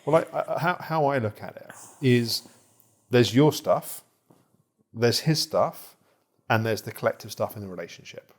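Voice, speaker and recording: A man guiding a therapy client, calm and reflective, explaining ideas with small restarts. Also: medium pitch, unhurried. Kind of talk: therapy session guidance.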